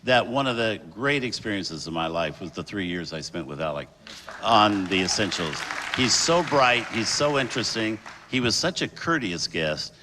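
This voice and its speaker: Earnest low-voiced man giving a tribute. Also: animated, moderate pace, a crowd in the background, background noise. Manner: earnest, warm praise with small hesitations. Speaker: former TV host paying tribute. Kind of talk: heartfelt tribute speech. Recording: hall reverb, faint audience.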